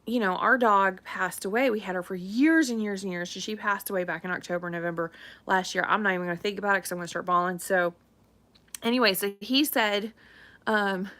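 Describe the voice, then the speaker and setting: A woman's voice: medium pitch, fairly quick, sharp tone. A middle-aged woman, a real estate agent chatting casually on a live stream, rambling and laughing often.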